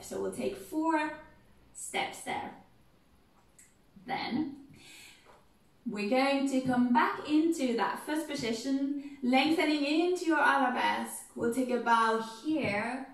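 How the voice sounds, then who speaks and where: A woman dance teacher guiding an online movement class with gentle, step-by-step instructions. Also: high voice, slow. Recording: very echoey room, mic far off.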